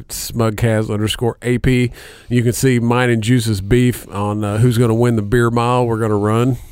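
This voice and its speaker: A man hosting a podcast in casual, profane chat, laughing often and filling pauses with "uh". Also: medium pitch, a little mellow, smooth, no echo. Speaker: podcast host.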